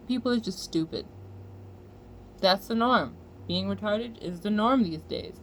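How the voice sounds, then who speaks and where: An American woman rants into the camera in a heated, foul-mouthed commentary, her voice jumping into loud outbursts. Her pitch sits in an ordinary middle range, and a faint hiss of noise runs underneath. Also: a little slow. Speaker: vlogger. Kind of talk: angry commentary rant.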